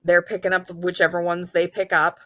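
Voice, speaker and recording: A woman's voice: fairly low pitch, completely flat delivery, normal speed, bright, forceful tone, no echo. A young woman teacher explaining how to guide young children's writing in a chatty, upbeat way. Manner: chatty, upbeat, acts out child voices and praise.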